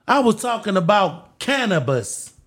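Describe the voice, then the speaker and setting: A man co-hosting a podcast, joking loudly with profane, laughing banter. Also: high voice, big pitch swings, unhurried. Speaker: podcast co-host. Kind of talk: casual chat.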